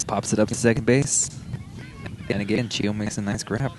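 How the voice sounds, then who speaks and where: A man's voice: fairly low pitch, fairly even intonation, normal speed, noisy background. A man giving casual, dry play-by-play at an amateur kickball game outdoors.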